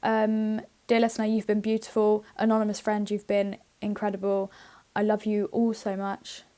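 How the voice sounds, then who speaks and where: A woman's voice: mid-range voice, completely flat delivery, normal speed, warm tone. A woman co-hosting a podcast, chatting playfully, laughing often and swearing casually as she reads out a list. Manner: giggly, playful, swears freely. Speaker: podcast co-host. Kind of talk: casual chat, reading out a list.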